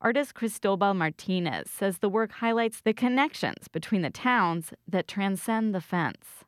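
A female radio reporter narrating a scripted news story with a steady, clear delivery. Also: medium pitch, unhurried, dry recording, clean studio sound.

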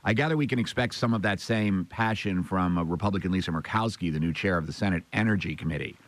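A man hosting a radio news program, asking brisk interview questions. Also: sits low.

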